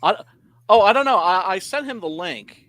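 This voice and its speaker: A man co-hosting a casual movie chat, animated and mocking, with plenty of "uh" and "like". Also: high-pitched, moderate pace. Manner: animated, mocking quoted voices. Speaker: co-host. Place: convention livestream.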